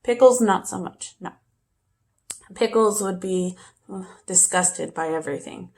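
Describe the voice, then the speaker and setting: A woman's voice: mid-range voice, a little slow, vocal fry. A woman teacher chatting informally to her class before a reading, easygoing and friendly in tone. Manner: chatty and informal, with small laughs. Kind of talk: casual talk to a class on video.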